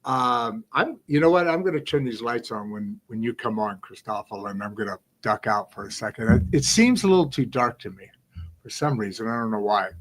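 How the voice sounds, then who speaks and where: A man's voice: mid-range voice, a little fast. Rambling, enthusiastic male talk show host. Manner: rambling, enthusiastic, talks with many restarts and asides. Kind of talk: casual live interview chat.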